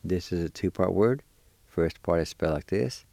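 A man's voice: deep voice, animated, unhurried, vocal fry, warm tone, dry recording. A man teaching vocabulary, patiently spelling and sounding out words letter by letter. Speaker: language teacher. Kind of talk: slow spelled-out vocabulary lesson.

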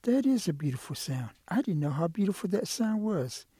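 A man's voice: sits high, very animated, a little fast, mellow, slightly rough, no room sound, studio quality, pitched above the performer's own voice, full character voice. A man voicing a fretful old turtle. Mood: admiring. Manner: pleading, fretful. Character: gentle trusting old male turtle. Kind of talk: oral folk storytelling.

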